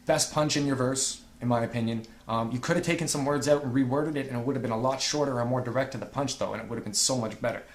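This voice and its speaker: A man's voice: mid-range voice, steady tone, quick pace, few pauses. Laid-back profane man in an echoey room. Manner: profane, laid-back, reads bars aloud with stumbles. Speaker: rap battle league reviewer. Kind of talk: casual review commentary.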